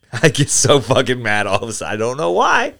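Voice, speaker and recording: A man's voice: medium pitch, huge pitch swings, moderate pace, gravelly, fairly bright tone. A man co-hosting a casual podcast, swearing a lot and ranting in angry bursts. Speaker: podcast co-host.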